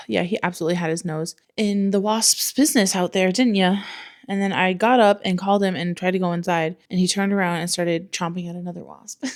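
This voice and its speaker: Chatty low-voiced woman vlogging at home. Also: steady tone, normal speed. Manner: chatty and rambling, swears, coos at her dog. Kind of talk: casual day-in-the-life vlog. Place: home, indoors and in the yard.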